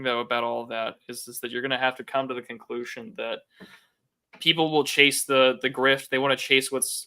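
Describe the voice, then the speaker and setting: A man talks on a casual podcast in a halting, wry way, starting over and stopping often. His voice is bright and smooth, with a clean and resonant tone. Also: medium pitch. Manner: halting, many fillers and restarts, wry. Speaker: podcast co-host.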